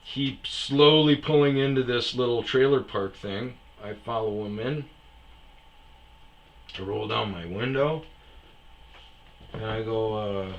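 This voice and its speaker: Guy telling a story, swears a lot, gets animated doing the other people's lines. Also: mid-range voice, slow, long pauses, muffled recording. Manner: profane and animated, acting out quotes. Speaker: storyteller host. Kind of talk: casual anecdote storytelling.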